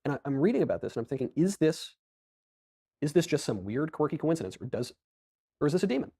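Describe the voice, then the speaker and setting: A man in casual conversation, musing thoughtfully in a gravelly, husky voice. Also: a little high, sing-song, fast talker, warm tone, dry recording, studio quality.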